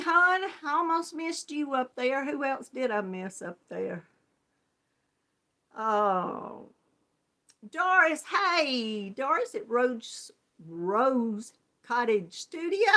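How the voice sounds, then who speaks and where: Southern woman host, middle-aged, unhurried and chatty, bright tone, laughs easily. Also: on the high side. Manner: chatty, affectionate, laughs often, calls viewers hon. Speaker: crochet channel host. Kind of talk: casual chat greeting viewers.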